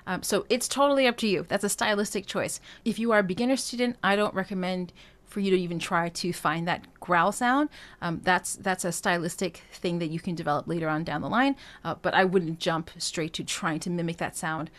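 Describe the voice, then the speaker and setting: This vocal coach speaks in a lowish, steady voice at a slightly fast pace. Her singing lesson alternates explanations of technique, peppered with fillers and restarts, with short sung phrases and drills.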